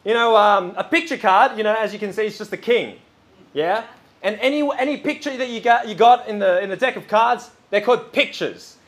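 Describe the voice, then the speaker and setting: A male preacher with a fairly high voice delivers a sermon in a loose, conversational style. He rambles warmly through stories, full of filler words and restarts. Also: fairly quick. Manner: lively and chatty, with many fillers.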